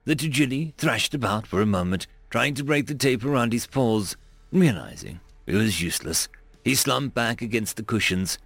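A man reading a story aloud as the narrator, in an expressive, dramatic manner. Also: mid-range voice, normal speed, creaky, no room sound, soft background music.

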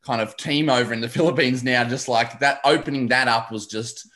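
A man's voice: medium pitch, fairly even intonation, a little fast, a bit bright. A man, a confidence coach chatting casually as a podcast guest, rambling with many fillers and restarts.

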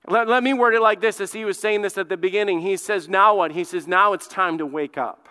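A man preaching a sermon from the pulpit, emphatic and stirring, who rises to loud repeated exclamations. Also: high voice, a little fast, few pauses, clear, resonant tone. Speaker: pastor. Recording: church hall reverb.

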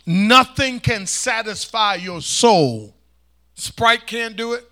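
A pastor preaches a sermon, calling out for responses from his congregation and swinging from loud emphasis to hushed asides. His voice sits high, and he's animated while keeping a slow pace.

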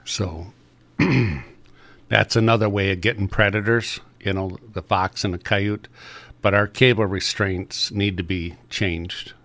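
A man's voice: lowish voice, steady tone, slow, fairly bright tone. A middle-aged man, a trapper chatting on the radio in a folksy, rambling way with many fillers. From Upper Peninsula of Michigan. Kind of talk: casual radio chat.

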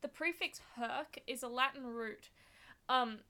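An Australian woman on a podcast, her voice sitting a little high. She tells long, rambling stories and giggles as she goes. The tone is casual and chatty. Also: a little slow, pushed and bright. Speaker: podcast co-host.

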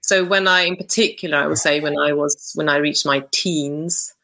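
A woman's voice: deep voice, steady tone, normal speed, sharp tone, rough recording. A woman guest on a podcast, talking reflectively and hesitantly, thinking aloud with many restarts. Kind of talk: reflective conversational interview.

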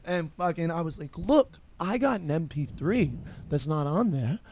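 A man's voice: a little high, expressive, normal speed, darkish tone, slight background noise. Profane laughing male podcast host. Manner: profane, laughing storyteller who acts out quotes. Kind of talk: casual chat.

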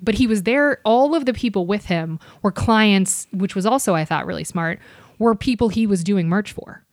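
A woman chatting as a podcast guest, spinning animated stories with quick asides and sudden jumps in energy. Her voice sits in a middle range. The sound is dry and close, with no room around it. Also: medium pitch, no echo. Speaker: podcast guest, bartender and comedy club server. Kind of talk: casual podcast chat.

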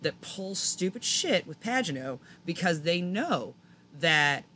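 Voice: medium pitch, very animated, slow, pushed and bright, a little hiss or hum. A podcast co-host in casual chat, opinionated and blunt, swearing freely. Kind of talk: casual chat about motor racing.

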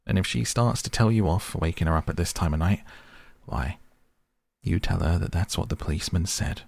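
A man doing a gruff, amused policeman. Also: animated, takes it slowly, mellow, no room sound, exaggerated voice. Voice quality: deep and reassuring. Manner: amused, talking down to a child. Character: gruff, patronizing male police officer.

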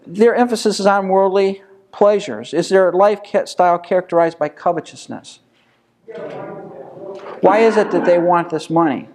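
A man with a slightly raised pitch teaches a small Bible study group in an easy, conversational way. He poses rhetorical questions one after another and answers them himself, as a teacher talking with his class. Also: darkish tone, slight background noise. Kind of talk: informal Bible study lesson.

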